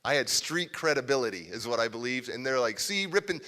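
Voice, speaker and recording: A man's voice: mid-range voice, fast talker. A man giving a live motivational speech, telling a story and acting out the voices of the people in it. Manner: animated, acts out quoted voices. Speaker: motivational speaker. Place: civic center stage.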